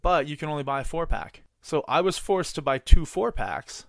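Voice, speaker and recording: A man's voice: a little high, expressive, moderate pace, no echo, studio quality. A man co-hosting a podcast in casual chat, telling rambling stories full of swearing and filler words. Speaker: podcast co-host.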